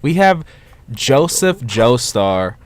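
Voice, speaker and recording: A man on a casual panel, excitedly retelling a comic scene with lots of filler. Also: medium pitch, slow, dry recording. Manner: excitable, animated storytelling.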